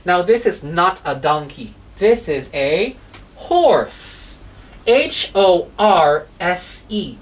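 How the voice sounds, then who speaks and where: A woman's voice: on the low side, sing-song, very slow, recorded from a distance. A woman teaching a children's phonics lesson, spelling out animal names letter by letter and asking the kids questions.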